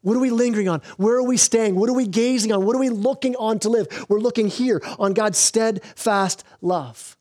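Male pastor, higher-pitched voice, earnest sermon delivery with frequent restarts. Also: mellow. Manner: earnest preaching with repeated restarts, slows for emphasis.

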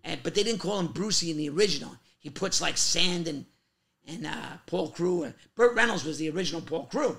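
High gravelly-voiced animated man. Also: fairly quick. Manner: animated, profane, acts out quotes in loud bursts. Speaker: podcast guest, comic actor. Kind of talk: casual storytelling chat.

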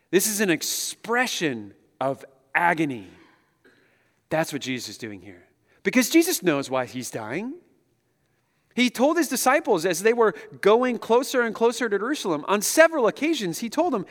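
Pastor guy in his 30s giving a sermon, pretty high voice, big echoey hall. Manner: conversational, animated, chuckles often. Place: large hall with an audience. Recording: long echo of a big hall.

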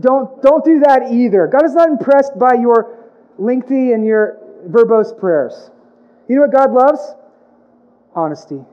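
A man's voice: very high-pitched, animated, a little slow. A man delivers a sermon as pastor. He preaches with emphatic repetition and playful asides. The recording sounds dull and lo-fi. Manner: emphatic preaching with comic put-on voices, repeated phrases.

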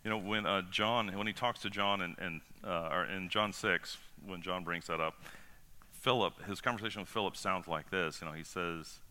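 A man's voice: low-pitched, moderate pace. A male pastor preaching a sermon in a casual, conversational way, often putting rhetorical questions to the congregation. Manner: casual and animated, asks the congregation rhetorical questions, acts out quotes.

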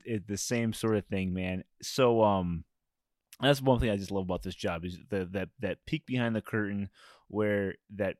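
A man's voice: on the low side, no room sound, clean studio sound. A man hosting a casual interview, talking loosely with lots of fillers. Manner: loose and rambling, heavy fillers. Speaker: podcast host.

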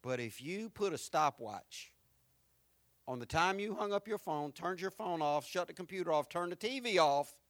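A man preaching a sermon, moving from quiet, reflective lines to loud, repeated build-ups. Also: sits high, lively intonation, moderate pace, dry recording, clean studio sound. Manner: swings from quiet to rising, repetitive preaching. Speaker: pastor.

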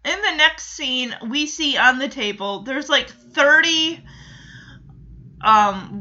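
A woman recaps a show in a chatty, casual way, quick to react and poke fun. Her voice is bright and a little high. The recording is dull and lo-fi. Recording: dull lo-fi sound.

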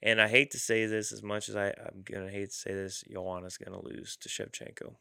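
A man with a low, gravelly yet smooth voice, talking in an animated, profane way during a casual chat. The sound is dry and close. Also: no echo. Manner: animated, profane, quick to laugh.

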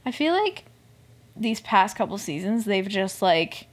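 A young woman hosting a casual recap podcast, chatty and expressive, swearing freely, slipping into whispers and mock outrage. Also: mid-range voice, unhurried, gravelly. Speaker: podcast host. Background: air conditioner noise.

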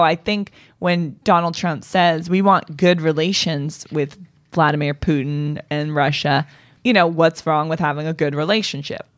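A woman's voice: sits low, dry recording. A woman co-hosting a podcast in casual chat, chatty and questioning. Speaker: podcast co-host.

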